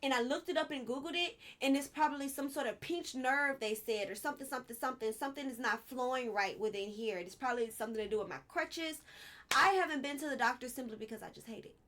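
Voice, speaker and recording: A woman's voice: high voice, quick pace, a bit bright. A woman vlogger giving casual political commentary, candid and heated, swearing and drifting into personal asides.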